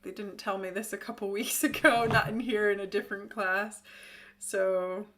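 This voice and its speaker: A woman with a stuffed-up cold, leading a yoga class over a video call with gentle, reassuring instructions. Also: medium pitch, fairly even intonation, normal speed. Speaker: yoga teacher.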